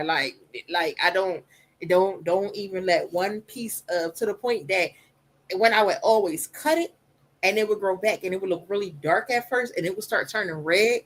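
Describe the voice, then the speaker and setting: A woman speaking candidly on a podcast about her own life, emphatic and animated, with a soft voice. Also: mid-range voice, moderate pace, rough recording. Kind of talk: candid personal storytelling.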